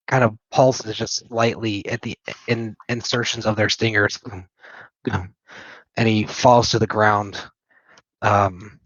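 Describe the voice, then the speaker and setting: A man's voice: medium pitch, a bit bright, no echo. A man narrating as game master of a tabletop game, describing scenes loosely with fillers and chuckles. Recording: dull lo-fi dry mic.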